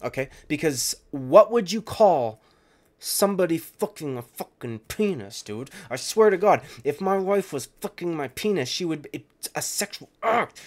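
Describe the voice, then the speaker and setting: A man's voice: on the high side, lively intonation, measured pace, a little mellow. A man delivering reaction commentary on fighters as an MMA video commentator, ranting heatedly with constant swearing and a habit of saying "dude".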